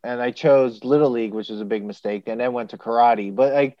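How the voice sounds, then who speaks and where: A man's voice: medium pitch, brisk, no room sound, muffled recording. A young man co-hosting a podcast, telling stories with acted-out quotes in casual chat. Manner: animated storytelling with acted-out quotes. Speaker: podcast co-host.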